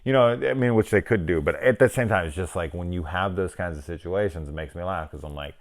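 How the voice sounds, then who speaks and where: A man's voice: low-pitched, quick pace. A middle-aged man giving a rambling, wry, casual film review, swearing now and then.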